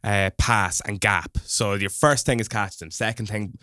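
An Irish man co-hosting a podcast, telling a running story with lively quoted voices and frequent laughter. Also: lowish voice, measured pace, dry recording, studio quality. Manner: animated storyteller, laughs often. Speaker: podcast co-host. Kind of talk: casual chat, storytelling.

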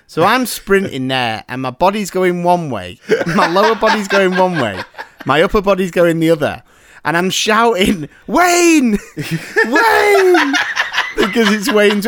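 A man in his thirties hosting a podcast, telling an animated story in casual chat. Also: on the high side, fairly quick, very noisy. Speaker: podcast host. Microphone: remote call.

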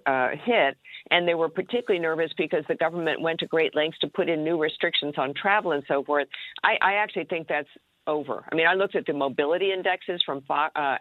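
A woman guest commentating on the news by phone, measured and hedging as she thinks aloud. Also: low voice, no room sound. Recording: dry tinny phone line.

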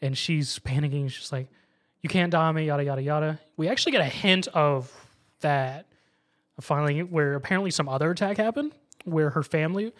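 A man's voice: fairly high pitch, brisk. A man casually recapping an anime episode, acting out the characters' lines as he goes. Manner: animated storytelling, acts out characters' lines. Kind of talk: casual chat.

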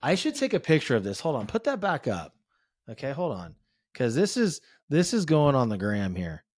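A man hosting a podcast in casual interview chat, animated and peppering his talk with "right?" and "you know". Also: medium pitch, moderate pace, no echo, clean studio sound. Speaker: podcast host.

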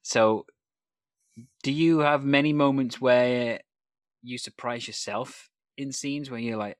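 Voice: mid-range voice, slow, dry recording. Encouraging interviewer, dry close sound. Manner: encouraging, frequent short laughs and affirmations. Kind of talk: interview questions.

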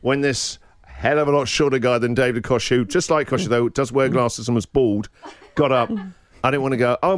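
A middle-aged English man hosting a breakfast radio show, telling an embarrassing anecdote with lively laughter. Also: mid-range voice. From England. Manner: animated storyteller, laughs through his own anecdote.

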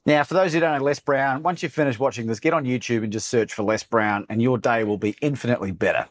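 Talking fast in a mid-range voice, this Australian coach shares a personal story as a podcast interview guest. He animates the tale by performing other people's dialogue himself.

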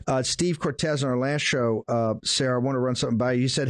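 A man hosting a political talk show, speaking in a forceful, indignant way with quick asides. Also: medium pitch, steady tone, no room sound, clean studio sound. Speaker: host.

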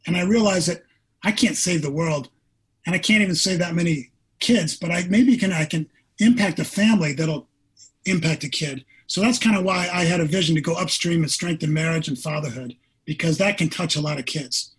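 Earnest and lively, a sixty-something ex-pro quarterback recounts a personal experience as a guest on a podcast and reenacts what people told him. He speaks fairly fast in a somewhat high voice with a breathy edge, and the sound is poor.

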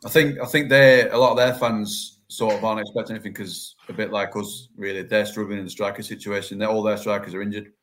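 A man's voice: lowish voice, fairly even intonation, fast, hardly any pauses, a bit bright, a little hiss or hum. A man speaking as a guest on a casual football fan podcast, plain and matter-of-fact.

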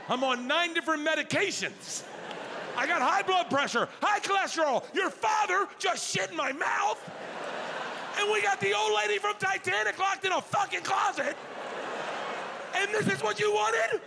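Brief: a man impersonating an old dad bellowing curses, shrill and gravelly, live echoey hall. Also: normal speed, pauses often. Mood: furious. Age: older. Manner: bellowing, cursing in bursts. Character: foul-mouthed furious 75-year-old father. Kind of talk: stand-up impression. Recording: reverberant live theater, audience noise.

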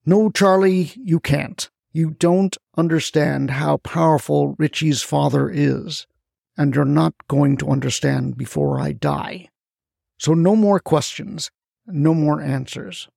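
A gravelly narrator puts on the voice of a desperate older man, pitched up and drawn out, agitated and profane, in an exaggerated performance. He speaks slowly with a darkish tone and a rough fry underneath, in a dry, close space with a dry recording.

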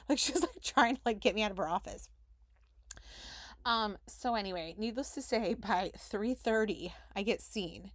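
A woman's voice: medium pitch, normal speed, no echo. A young woman telling a personal story on her podcast, with chatty delivery full of "like" as she reenacts conversations. Her voice sits in an ordinary middle range, close and dry with no room sound. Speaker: podcast host. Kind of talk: casual storytelling.

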